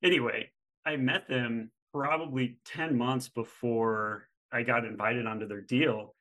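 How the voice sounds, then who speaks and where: A middle-aged man speaks as a podcast guest, telling his story in a casual, animated way. His voice sits at an ordinary middle pitch, and he acts out the voices of the people he quotes as he goes. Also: measured pace, low-quality recording. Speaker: guest, real estate fund manager.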